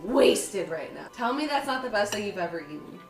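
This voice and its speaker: A young woman hosting a casual cooking vlog in her home kitchen, excitable and profane, jumping from loud outbursts to mumbled asides. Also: medium pitch, a little fast. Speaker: vlog host. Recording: roomy kitchen with music behind.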